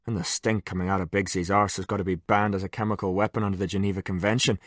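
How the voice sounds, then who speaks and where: Man doing Irish army corporal, soft-spoken, crude, wry, low, dry sound. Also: little pitch movement, fast talker, dry recording. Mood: wry grumbling.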